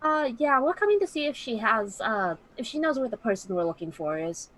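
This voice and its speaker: A woman playing in a tabletop game, chatty and filler-heavy, quick to laugh. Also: fairly high pitch, sing-song, fairly bright tone, rough recording. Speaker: player. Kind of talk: casual tabletop play.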